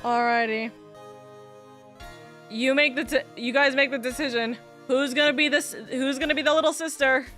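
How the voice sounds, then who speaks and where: A woman's voice: sits high, steady tone, normal speed, a bit bright, faint music behind. A woman streamer leading a game session, chatting in an upbeat, talkative way. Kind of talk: casual chat.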